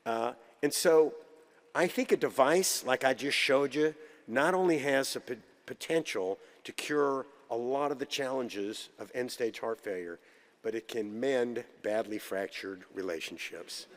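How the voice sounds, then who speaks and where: A man giving a keynote in a conference hall, with a mid-range voice. He tells stories in a relaxed, humorous, anecdotal way. His voice trails off into a long hall reverb. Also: medium pitch, unhurried. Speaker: keynote speaker.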